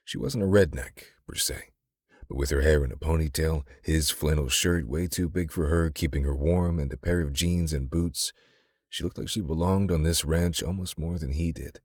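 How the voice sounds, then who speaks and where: A man narrating a romance audiobook in a steady, intimate storytelling manner, recorded close on a studio mic. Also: a bass voice, normal speed, slightly rough, dry recording. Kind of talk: scripted narration.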